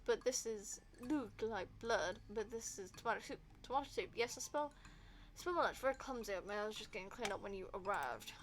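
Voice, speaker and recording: Creepy grinning innkeeper man, sly, falsely polite, lively swooping pitch, put on by a woman reading a text game. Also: a little fast, slight background noise, close to an everyday voice. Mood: falsely innocent. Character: creepy grinning male innkeeper, secretly sinister.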